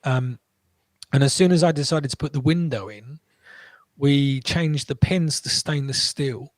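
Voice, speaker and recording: A man tells his story as an interview guest, animated and full of quick restarts. His voice sits at a middle pitch. He is recorded in a dry, dead room. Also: no echo. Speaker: guest entrepreneur.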